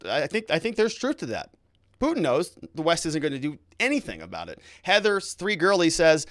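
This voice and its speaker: A man's voice: on the high side, wildly swooping pitch, a little fast, fairly bright tone, no echo, clean studio sound. Blunt, opinionated man hosting a livestream. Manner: blunt, opinionated, irritated asides. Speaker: livestream host reading viewer comments. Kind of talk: casual live-stream commentary.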